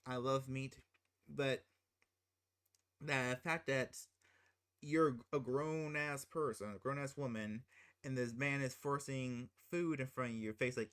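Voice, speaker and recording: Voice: mid-range voice, lively intonation, measured pace. A channel host ranting casually about a film, incredulous and exasperated, rambling with restarts.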